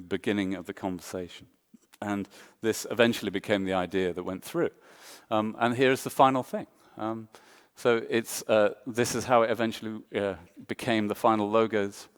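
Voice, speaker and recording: An Englishman giving a design talk on a conference stage, self-deprecating and joking, with lots of ums and uhs. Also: lowish voice. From England. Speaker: conference speaker.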